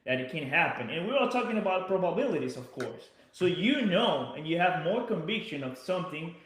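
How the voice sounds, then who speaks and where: A man's voice: a little high, expressive, a little fast, a bit bright, a little hiss or hum. A man explaining trading ideas earnestly in casual live-stream chat. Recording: very echoey room.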